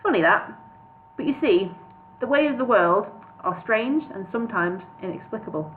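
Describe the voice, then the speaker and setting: A woman reading a book aloud in her flat, stumbling over words and breaking off for laughing asides. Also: medium pitch, normal speed. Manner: reads with slips, laughs and casual asides. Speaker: audiobook reader. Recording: tinny phone-like sound with faint hiss.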